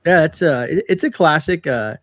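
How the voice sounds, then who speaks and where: Laid-back guy on a live stream laughing a lot, kinda high voice, dry close sound. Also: expressive, normal speed, fairly bright tone, no room sound. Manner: laughs easily, rambling, reads chat aloud. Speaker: preparedness channel host. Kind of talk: casual live-stream chat.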